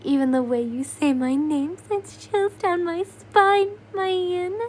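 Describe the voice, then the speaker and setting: A woman's voice: extremely high pitch, fairly even intonation, darkish tone, slight background noise, pitched above the performer's own voice. Doma, a woman doing a purring flirt. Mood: adoring. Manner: slow, purring, doting.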